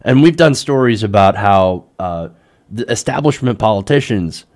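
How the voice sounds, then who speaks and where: A man's voice: fairly low pitch, animated, moderate pace, a little mellow. A young man giving heated, sarcastic political commentary as host of his own show. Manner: heated, sarcastic, mocks politicians in put-on voices.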